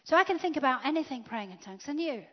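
A woman preaching a sermon, swinging from loud declarations to hushed whispers. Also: sits high, animated, quick pace. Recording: dull lo-fi sound.

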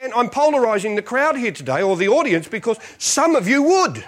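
A man's voice: extremely high pitch, big pitch swings, fairly quick. A male pastor preaching a sermon as a comic, self-mocking story, often laughing through his lines.

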